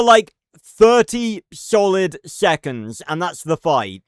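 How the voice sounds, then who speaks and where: Male streamer, unhurried rambling rant, dry close sound. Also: sits high, expressive, clear, resonant tone, no echo. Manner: rambling, profane, many fillers and restarts. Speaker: livestreamer. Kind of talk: casual live-stream commentary.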